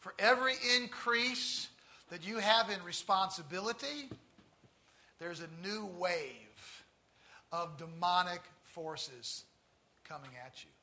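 Bright, tense-voiced male preacher. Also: high voice, slow pace. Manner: emphatic, swings from hushed to loud; stretches out key phrases. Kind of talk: sermon with storytelling.

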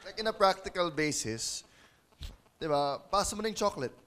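A man's voice: high voice, lively intonation, fairly quick, a bit bright, a little hiss or hum. A man with a Filipino accent asking a question in class, switching between Tagalog and English. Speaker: student.

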